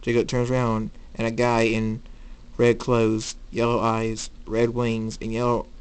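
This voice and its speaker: A man's voice: medium pitch, completely flat delivery, unhurried, clear, resonant tone. A man narrating his own fan story in a plain reading voice, with some restarts. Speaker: fan fiction reader.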